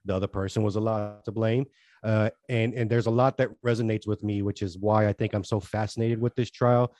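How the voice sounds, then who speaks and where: A man's voice: fairly low pitch, fairly even intonation, a little fast, a little mellow, dry recording. A man co-hosting a casual podcast chat, talking in long earnest rambles that trail off and restart. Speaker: podcast co-host.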